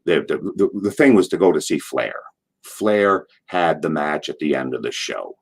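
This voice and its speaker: A man's voice: very deep voice, lively intonation, moderate pace, vocal fry, slightly rough. A man from Allentown, Pennsylvania, a wrestler, telling rambling backstage stories in an interview, swearing casually and restarting his sentences. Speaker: retired pro wrestler, interview guest. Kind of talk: rambling anecdotal storytelling.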